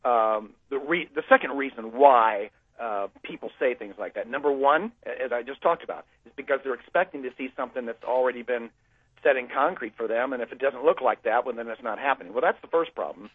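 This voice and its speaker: A man's voice: mid-range voice, brisk, slightly rough, no echo. A man from the United States talking with many fillers and restarts as he tells a long story to a host, heard over a phone line. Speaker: guest speaker. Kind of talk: conversational storytelling.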